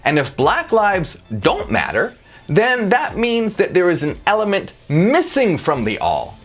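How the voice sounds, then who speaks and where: A woman's voice: on the low side, wildly swooping pitch, a little slow. A woman hosting her channel, giving a blunt, emphatic persuasive monologue to camera. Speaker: channel host.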